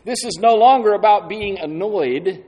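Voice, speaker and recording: A man preaching a sermon slowly and deliberately, leaning on key words for dramatic emphasis. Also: high-pitched, warm tone. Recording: long hall reverb.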